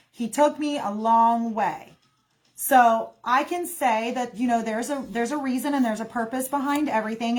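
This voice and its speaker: Emotional high-voiced woman talking to viewers. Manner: emotional, addresses viewers as y'all. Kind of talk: emotional casual livestream talk.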